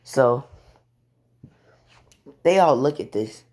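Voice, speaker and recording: Slow, rambling young man telling a fan story. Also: medium pitch, lively intonation, darkish tone. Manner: slow, rambling, swears offhandedly. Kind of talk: casual retelling of a fan story. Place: bedroom at home.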